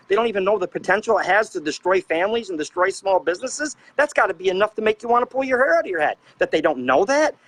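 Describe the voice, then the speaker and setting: On a panel show, a middle-aged trucker advocate with a high voice launches into an impassioned rant, full of fiery, preachy anger and rapid rhetorical questions. The recording quality is low.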